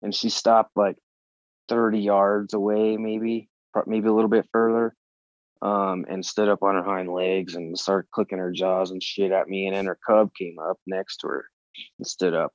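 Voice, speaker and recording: A man on a podcast as the guest, telling a story in casual talk, animated and swearing freely as he acts out his own reactions. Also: low voice, moderate pace, dry recording, dull audio.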